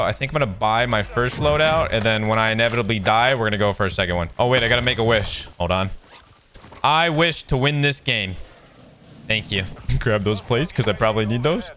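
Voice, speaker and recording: A man giving excitable, joking gameplay commentary with sarcastic trash talk while playing a shooter game. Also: medium pitch, a little hiss or hum. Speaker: gaming video creator. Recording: loud game gunfire behind voice.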